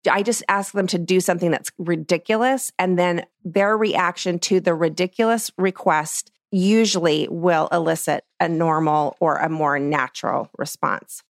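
A middle-aged woman, a portrait photographer, explaining her craft in a casual, animated way and acting out what she says to clients. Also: fairly low pitch, normal speed, few pauses, no echo, studio quality. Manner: lively, acts out what she tells clients. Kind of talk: casual teaching talk.

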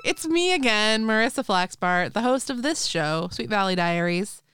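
A woman's voice: medium pitch, animated, normal speed, a bit bright, smooth, dry recording, clean studio sound, faint music behind. A woman hosting a podcast in casual chat, bubbly and laughing often. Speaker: podcast host.

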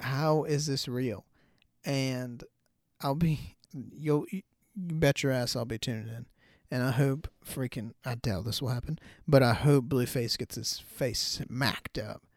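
A man of middle pitch rants through a solo podcast in a loose, profane, rambling way, full of ums and restarts. The sound is dry and close, with no room around his voice. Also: darkish tone, no room sound. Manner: loose, profane, chatty with many fillers. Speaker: podcast host. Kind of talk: casual solo podcast rant.

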